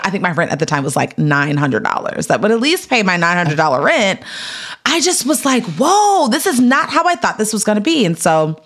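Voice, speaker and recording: Animated woman telling her story. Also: low-pitched. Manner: animated, acts out quotes in raised voices. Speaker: podcast guest, actress. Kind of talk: casual storytelling interview.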